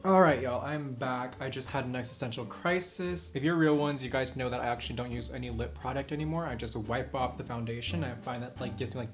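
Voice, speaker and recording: A young man chatting casually through a makeup tutorial at home, joking and mocking himself as he goes. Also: mid-range voice. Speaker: makeup vlogger. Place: at home during quarantine.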